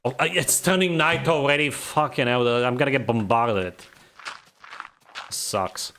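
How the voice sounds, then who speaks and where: A man's voice: medium pitch, animated, a little fast, a bit bright, a little hiss or hum. A man from the Balkans, streaming a game and chatting casually, grumbling and rambling as he laughs at himself.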